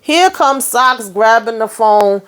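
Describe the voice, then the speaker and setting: A woman's voice: fairly high pitch, animated, slow, a bit bright, clean tone. A young adult woman recapping a TV episode in a loose, slangy, casual monologue, acting out the characters' lines as she goes. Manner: chatty, acts out characters' lines in quotes; loose slangy phrasing with fillers. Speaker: TV episode reviewer.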